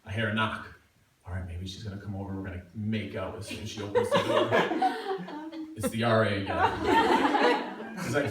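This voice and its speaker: Brief: middle-aged man, mid-pitched, self-mocking storyteller, recorded far off in a very echoey room. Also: normal speed. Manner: self-mocking, animated, acting out quotes. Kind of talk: live personal storytelling. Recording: echoey room, far from mic, faint noise.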